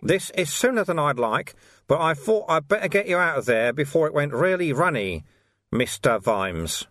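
A man voicing a calm, dryly amused and friendly older man in an audiobook. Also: on the high side, normal speed, dry recording, clean studio sound, voice pushed up. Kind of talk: audiobook character voice.

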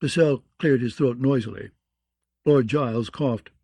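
A man narrating an audiobook in an even, measured way. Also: mid-range voice, creaky, husky, no echo. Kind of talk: scripted narration.

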